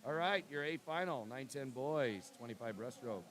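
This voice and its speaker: A man commentating a live swim meet, briskly reading out lanes, names and times and joking with his co-host. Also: mid-range voice, lively intonation. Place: indoor pool meet. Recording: loud crowd at a pool.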